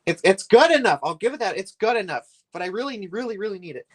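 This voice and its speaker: Male streamer, rambling, animated delivery. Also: sits high, fast talker. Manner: rambling, chatty, complains with a laugh. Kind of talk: live-stream chat while building.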